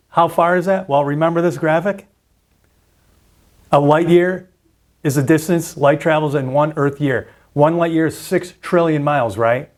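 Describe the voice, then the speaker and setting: A man's voice: a little high, normal speed. A man hosting a trading video, walking viewers through a screen graphic, getting worked up and often repeating himself. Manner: animated, repeats and restarts, gets worked up. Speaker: trading channel host. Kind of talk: excited screen-share explainer.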